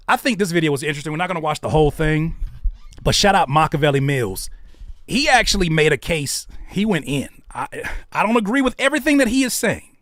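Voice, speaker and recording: Man, commentary host, lively pitch, fairly high, dry close sound, animated rants. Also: a little fast, no echo. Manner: animated, swings from ranting to hushed. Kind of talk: reaction commentary.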